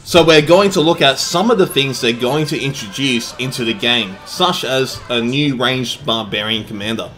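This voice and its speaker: Bright-voiced, joking male game commentator. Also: mid-range voice, moderate pace, hardly any pauses, a little hiss or hum. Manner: energetic, jokey, profane. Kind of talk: casual gameplay commentary. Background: faint background music.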